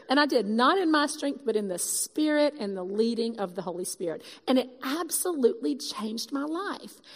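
A woman giving a sermon, telling a personal story with lively, emphatic quoted dialogue. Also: mid-range voice. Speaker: speaker giving a sermon testimony. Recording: long reverb of a large hall.

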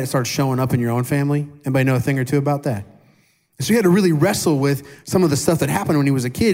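Animated, chatty male pastor with a raised pitch. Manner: casual and animated, questions the congregation; self-deprecating humor. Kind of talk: conversational sermon.

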